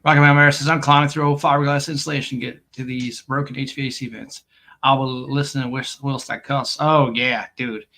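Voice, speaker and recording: A man's voice: medium pitch, little pitch movement, fairly quick, sharp tone. A man hosting a live coin stream, rambling and joking casually while reading viewer comments aloud and laughing often. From United States.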